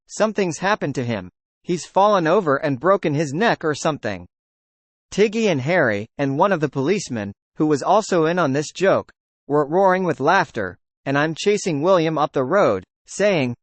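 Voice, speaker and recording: A man's voice: a little high, no echo. A man narrating a documentary, telling a first-person anecdote and voicing the quoted dialogue in it. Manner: storytelling that voices quoted dialogue.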